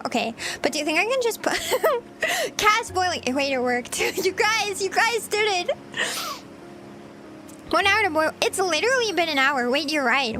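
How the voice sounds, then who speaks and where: A very high-pitched, slightly bright female voice belongs to a woman streaming herself cooking. She chats casually with her viewers, giggling and flustered.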